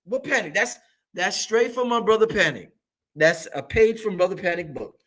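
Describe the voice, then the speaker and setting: A man, hosting a show in a loud, excitable monologue that swings up and down and breaks into laughter. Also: moderate pace. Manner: loud, excitable, swings high and low, laughs often, swears freely. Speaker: show host. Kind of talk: animated livestream monologue.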